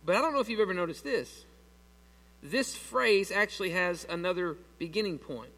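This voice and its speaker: High-voiced pastor in an echoing hall. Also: male voice, normal speed. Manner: animated, asks the congregation questions. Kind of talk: sermon. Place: church sanctuary. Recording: long reverb of a large hall.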